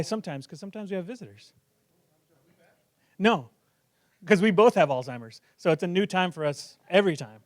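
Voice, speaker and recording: A man's voice: high-pitched, no room sound. A male pastor preaching a sermon in a joking, self-deprecating, conversational way.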